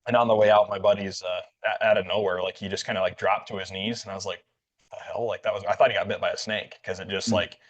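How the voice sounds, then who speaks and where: A deep-voiced man talks fast and steadily while hosting a podcast. He rambles through a casual story full of fillers, acting out what people said, captured in dull lo-fi audio.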